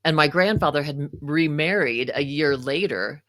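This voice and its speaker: Female guest, low-pitched, emotional storyteller with chatty asides. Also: normal speed, fairly bright tone, no echo, clean studio sound. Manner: emotional, frequent "you know" asides. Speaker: guest, psychotherapist and author. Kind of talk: personal storytelling in conversation.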